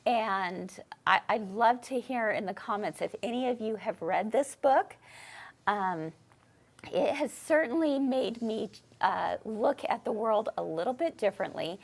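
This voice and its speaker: A woman's voice: on the high side, vocal fry. A woman hosting a live shopping show, gushing with bubbly enthusiasm as she shows off new products. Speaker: host.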